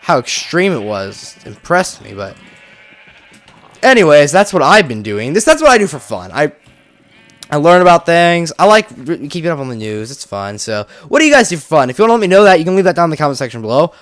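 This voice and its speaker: Male gaming host, slightly high voice, rambling casual commentary, dry close sound. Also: very animated, fast, a bit bright, no room sound, faint music behind. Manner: rambling, chatty, heavy use of "like".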